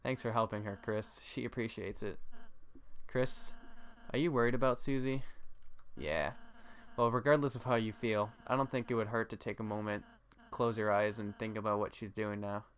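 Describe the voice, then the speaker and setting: A man reading the lines of a gentle young goat-like prince in a soft, kind voice. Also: lowish voice, normal speed, a little hiss or hum, lightly acted.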